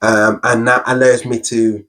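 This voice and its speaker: A man's voice: mid-range voice, level tone, measured pace, a bit bright. A young man hosting a podcast, talking earnestly and upbeat in casual conversation, often running through long lists. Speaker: podcast host.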